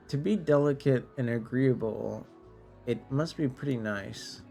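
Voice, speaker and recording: A man's voice: medium pitch, unhurried, vocal fry, warm tone, soft background music. A man streaming a game late at night, sleepy and tipsy, casually translating French text in a drawling, self-deprecating way that stumbles over words.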